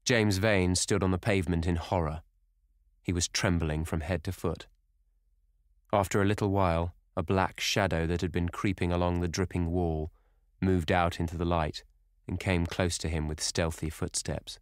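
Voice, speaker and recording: A man reading a classic novel aloud as an audiobook, in measured, grave narration. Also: low-pitched, fairly even intonation, no room sound, studio quality.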